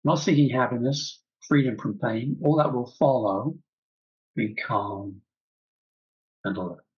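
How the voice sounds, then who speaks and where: A man teaching a breathwork class, calmly guiding the breath and repeating key phrases. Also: mid-range voice, measured pace, muffled recording.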